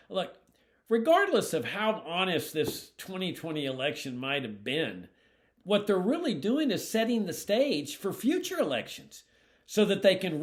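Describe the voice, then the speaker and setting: Sarcastic, fairly high-voiced male candidate. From South Texas, USA. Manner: sarcastic, mocking, chuckles often. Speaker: political candidate. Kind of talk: political commentary monologue.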